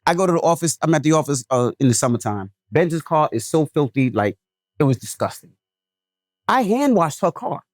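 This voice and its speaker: A man's voice: fairly high pitch, sing-song, a little fast, no room sound, clean studio sound. A man co-hosting a podcast in casual chat, telling stories emphatically and checking in with "right?". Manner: emphatic storyteller, keeps asking "right?". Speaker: podcast co-host.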